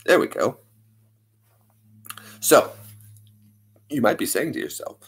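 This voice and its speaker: Animated, chatty man live-streaming. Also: mid-range voice, slow pace, slightly rough. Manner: chatty, animated, playful asides to viewers. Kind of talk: casual live-stream chat.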